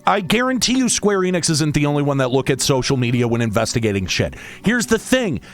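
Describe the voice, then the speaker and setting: Man, high voice, wildly animated, sarcastic, exasperated, swearing freely. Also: fairly quick, faint music behind. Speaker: streamer and podcast host. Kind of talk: angry rant.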